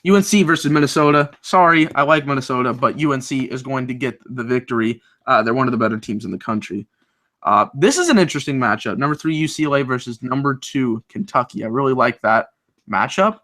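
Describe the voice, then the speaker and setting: Upbeat man with a bright voice. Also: medium pitch, expressive, a little fast. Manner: upbeat, talks through picks with restarts. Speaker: co-host making bracket picks. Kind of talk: casual sports chat. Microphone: video call.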